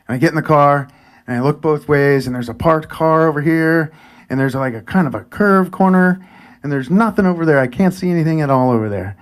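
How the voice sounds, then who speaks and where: A man in his forties telling a personal story live, chatty and animated, sometimes dropping to a near whisper. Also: a little high, fairly quick, smooth. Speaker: storyteller and event host.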